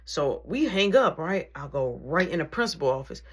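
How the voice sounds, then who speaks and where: Animated young woman telling a story. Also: low-pitched, normal speed, husky. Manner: animated, acts out every exchange in dialogue. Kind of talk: casual storytime narration.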